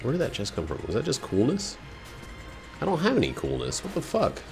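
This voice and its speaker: A man casually commenting while he streams a video game, rambling, joking and breaking into excited outbursts. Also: medium pitch, brisk, soft background music. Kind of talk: casual let's-play commentary.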